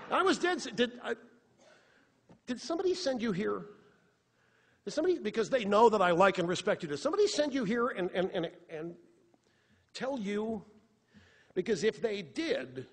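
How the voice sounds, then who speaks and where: A man giving a live political monologue on a theater stage, animated, sarcastic and rhetorical. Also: high-pitched, moderate pace, long pauses. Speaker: radio talk show host on stage. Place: theater stage before an audience. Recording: long reverb of a theater hall.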